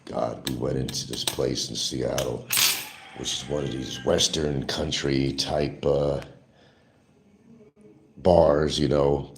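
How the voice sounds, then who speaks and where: A man's voice: extremely low pitch, level tone, takes it slowly, gravelly, pauses often, background noise. An older man rambling in a casual, opinionated monologue to his viewers as a livestream host. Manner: opinionated, drifting, talks to viewers.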